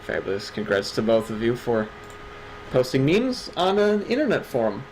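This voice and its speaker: A man's voice: mid-range voice, huge pitch swings, normal speed, slight background noise, low-quality recording. Sarcastic joking male stream host. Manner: sarcastic, joking, swears casually. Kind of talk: casual stream chat.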